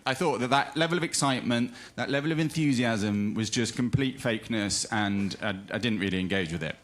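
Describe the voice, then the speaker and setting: British male speaker, mid-pitched, casual self-mocking delivery to a room of listeners. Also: a little fast, fairly bright tone. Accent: British English. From Britain. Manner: chatty, self-deprecating, many fillers and restarts. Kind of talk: live talk to an audience. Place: room with a live audience.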